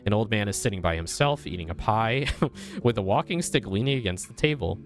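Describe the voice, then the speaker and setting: Brief: young male streamer, animated playful reading voice, soft guitar under. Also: lowish voice, fairly quick. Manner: playful, chatty, lively reading voice. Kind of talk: reading a text game aloud with chat. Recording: faint guitar music behind.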